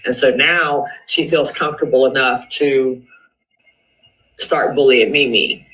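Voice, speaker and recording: A man's voice: mid-range voice, fairly even intonation, measured pace, bright, forceful tone, low-quality recording. A man hosting a live stream, reading screenshots aloud and going over online drama in casual commentary, repeating questions for emphasis.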